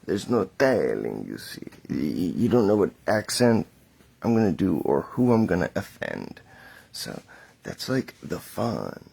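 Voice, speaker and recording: A young adult man delivers a rambling vlog monologue in a mock-grand, theatrical manner. His voice is gravelly and a little husky, low in pitch. He speaks slowly with wide swings in pitch. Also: sing-song, mellow. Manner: mock-theatrical, halting, chuckling asides. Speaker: vlogger.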